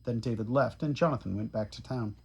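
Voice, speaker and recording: Husky man, steady earnest scripture reading, podcast host. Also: mid-range voice, a little fast. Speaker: Bible reader.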